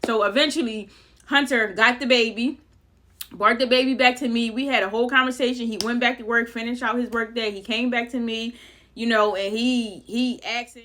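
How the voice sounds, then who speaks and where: A woman's voice: a little high, fairly even intonation, normal speed, sharp tone. A woman vlogger telling a dramatic story in a casual, chatty way with loose slang.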